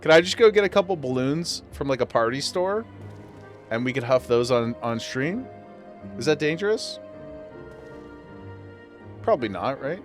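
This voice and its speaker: Chatty male streamer, mid-pitched voice, laughs often, faint game music under him. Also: expressive, normal speed, pauses often. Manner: chatty, laughing, talks to chat. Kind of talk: casual livestream chat.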